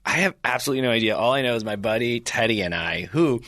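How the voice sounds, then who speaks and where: A man's voice: mid-range voice, lively intonation, fast talker, fairly bright tone, dry recording. A man in his forties from Chicago co-hosting a casual podcast chat, rambling through stories and laughing often. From Chicago area, United States. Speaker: podcast co-host.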